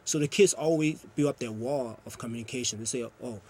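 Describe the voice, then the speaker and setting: A man's voice: medium pitch, quick pace, a little mellow, slight background noise. A man, a youth program coordinator, earnestly explaining at length in a TV interview. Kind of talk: TV interview answer.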